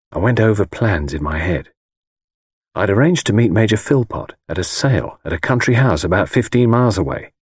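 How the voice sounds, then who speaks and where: Low, lively-toned male storyteller. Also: husky, dry recording, clean studio sound. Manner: measured, reflective storytelling. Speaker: audiobook narrator. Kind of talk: audiobook narration.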